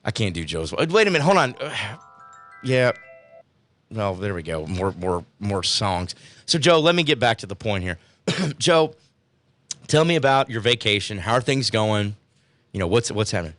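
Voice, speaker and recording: A man's voice: on the low side, big pitch swings, moderate pace, fairly bright tone. A man guest-hosting a talk radio show, casual, playful and self-mocking. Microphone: studio microphone.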